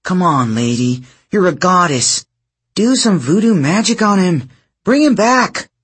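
A man voicing a cheeky, wisecracking teenage boy with a husky voice. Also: medium pitch, a little slow. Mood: pushy.

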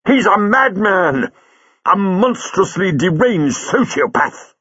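A man's voice: mid-range voice, very animated, a little slow, a bit bright, husky, no echo, muffled recording, voice pushed up, exaggerated voice. A man voicing a brooding, eccentric male traveller who muses thoughtfully and bursts out sharply. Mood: angry. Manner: thoughtful, abrupt bursts of anger.

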